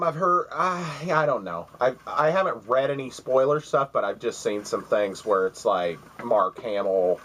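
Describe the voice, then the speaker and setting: A man's voice: on the low side, a bit bright, rough recording. A man recording a casual home video, rambling through stories about gifts with many fillers and restarts. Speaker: vlogger showing gifts. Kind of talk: casual chat. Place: at home by his computer.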